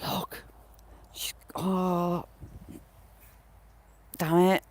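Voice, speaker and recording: The delivery here is flat and very slow, the medium-pitched voice a little mellow over slight background noise. It's a smallholder doing yard chores by a field and chatting casually on a live stream to animals and viewers, with mild swearing and birds and chickens in the background.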